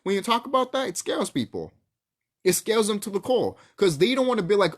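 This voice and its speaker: A channel host delivers a heated, profanity-laden rant straight to camera with no script. The voice swings widely up and down in pitch, and sentences often break off and restart mid-thought as the speaker pushes a point. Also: big pitch swings, a little fast, husky.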